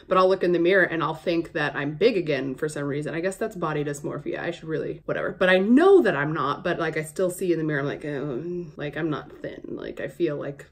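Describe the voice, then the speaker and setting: Chatty, foul-mouthed young woman vlogger. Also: fairly low pitch. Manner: chatty, profane, easily excited. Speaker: makeup vlogger. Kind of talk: casual makeup tutorial chat.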